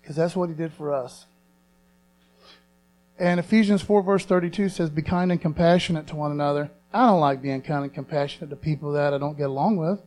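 A man preaching a sermon, repeating phrases slowly for emphasis and asking for amens. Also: fairly even intonation, darkish tone. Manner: call-and-response, asks congregation for affirmation. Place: church sanctuary. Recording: low mains hum.

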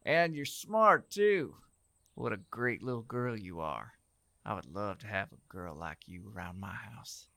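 A man's voice: on the low side, lively intonation, a little slow, vocal fry, pushed and bright, no room sound, studio quality, heavily acted. A man voicing a creepy, predatory middle-aged gardener with an oily, leering manner in a horror audio story. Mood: fake-friendly. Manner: oily, leering, drops to sneering whispers.

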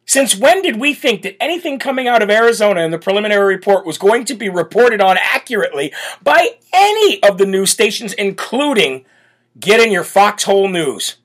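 A man hosting a political talk show, talking in a brash, blunt and forceful way, often repeating himself for emphasis. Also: high-pitched, very animated, fairly quick. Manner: repetitive, emphatic restarts. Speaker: host.

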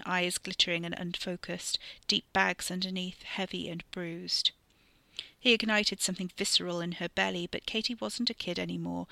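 A woman narrating her own dark fiction podcast in a measured, even reading. Her voice is slightly low yet bright and forward. It is recorded close and dry, with no room sound. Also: gravelly, dry recording. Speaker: podcast storyteller.

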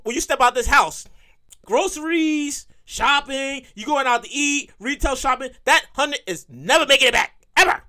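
A woman hosting a comedy podcast, ranting in a profane, animated monologue and repeating lines for emphasis. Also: high-pitched. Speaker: podcast host and comedic writer.

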